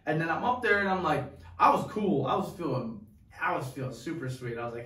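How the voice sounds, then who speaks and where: A young man co-hosting a podcast, rambling through a profane, excited story in casual chat. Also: on the high side, brisk. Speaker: podcast co-host. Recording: echoey room, distant mic.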